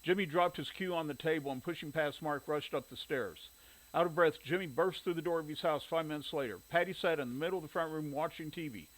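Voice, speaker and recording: Man, audiobook narrator, higher-pitched, steady storytelling read. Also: fast, poor audio.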